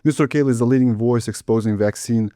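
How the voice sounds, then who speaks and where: A man in his thirties hosting a podcast interview, reading a calm introduction and giving short prompts. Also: medium pitch, fast, no echo, clean studio sound. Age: 30s. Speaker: podcast host.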